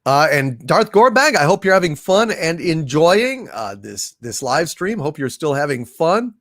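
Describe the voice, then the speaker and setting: Slow, halting man with a higher voice. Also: big pitch swings, a bit bright, dry recording, studio quality. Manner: slow, halting, with many fillers; sings slowly. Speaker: live stream host. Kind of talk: casual live stream chat, reading super chats.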